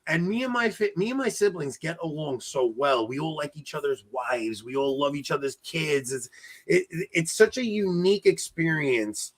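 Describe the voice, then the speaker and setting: A young man, a podcast co-host, talking loudly and animatedly in a rambling casual chat. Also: fairly high pitch. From New York area. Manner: animated, loud, rambling storyteller.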